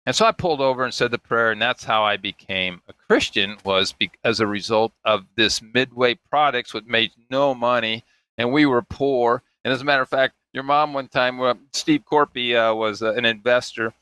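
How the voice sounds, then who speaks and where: A man's voice: medium pitch, normal speed, bright, forceful tone, smooth, no echo, rough recording. An older man and father telling family stories in casual, rambling chat, chuckling and acting out the voices of people he quotes. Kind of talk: casual storytelling.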